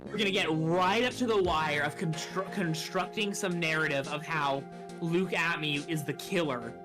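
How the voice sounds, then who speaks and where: A woman streaming a game, chatting excitedly and swearing casually while reading dialogue aloud. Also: low-pitched, moderate pace. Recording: game music playing behind.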